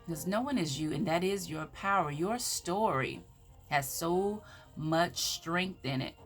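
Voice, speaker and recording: A woman's voice: on the low side, measured pace, soft background music. A woman with a Southern American accent, speaking as an empowerment speaker in a preacherly, emphatic way. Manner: preacherly, scripture-quoting, emphatic. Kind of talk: inspirational faith talk.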